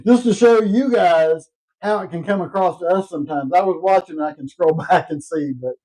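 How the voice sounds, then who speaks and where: A man's voice: high voice, moderate pace, mellow, rough recording. A man hosting a casual show, chatting and reading viewer comments aloud, laughing easily. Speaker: host.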